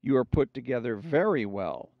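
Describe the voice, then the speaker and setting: A man's voice: mid-range voice, sing-song, normal speed, gravelly, dry recording. A man voicing a well-dressed male psychiatrist in an anecdote, making wry, mildly amused remarks. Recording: dull, dry recording.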